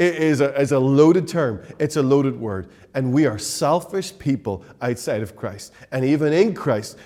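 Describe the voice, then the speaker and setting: A man's voice: medium pitch, a little mellow. A man preaching a sermon as pastor, emphatic and repetitive, with many rhetorical questions.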